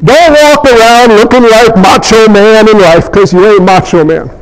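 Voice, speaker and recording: A middle-aged man delivers a lively, joking sermon and acts out the characters in his stories. His voice sits very high. The sound carries a long reverb, as in a large hall. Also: normal speed, few pauses. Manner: animated storytelling, acts out characters. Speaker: preacher. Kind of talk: humorous sermon.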